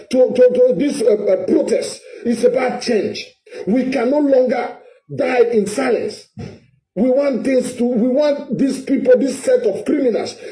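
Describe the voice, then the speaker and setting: A Nigerian man with a high, dark voice rants about politics straight to camera, repeating himself and restarting words. He records in an echoey room. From Edo State, Nigeria. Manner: impassioned, repetitive, stammering restarts. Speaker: vlogger.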